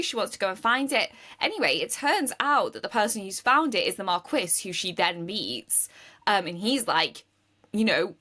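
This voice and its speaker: A woman with a bright, clear voice co-hosts a podcast about books. She recounts the plot casually, with plenty of "like" and "um", and slips into the characters' voices as she goes. Her pitch sits at an ordinary middle level. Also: lively intonation, moderate pace. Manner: chatty retelling, many fillers, acts out characters' lines. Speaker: podcast co-host. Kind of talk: casual book chat.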